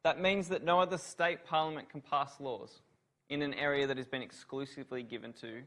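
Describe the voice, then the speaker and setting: A man's voice: mid-range voice, steady tone, brisk, fairly bright tone. Man giving a law revision lecture. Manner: quizzes students, praises answers.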